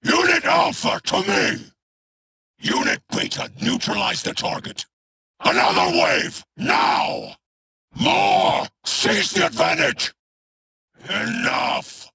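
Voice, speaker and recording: An actor playing a hulking, brutal male cyborg enforcer in a video game, with a harsh, gravelly, machine-like voice and a contemptuous, menacing way of barking threats. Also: extremely high pitch, very animated, slow, sharp tone, dry recording, exaggerated voice. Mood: roaring commands.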